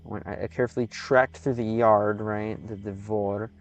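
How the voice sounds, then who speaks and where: An American man streaming live in casual commentary, halting and repeating words as he slowly sounds out foreign phrases. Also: on the low side, steady tone. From United States.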